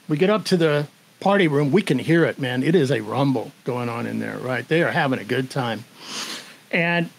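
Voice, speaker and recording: An older man as a guest, telling a story with a slightly high voice. He acts out the other people's lines with animation. He laughs as he talks. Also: low-quality recording. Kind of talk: storytelling in conversation.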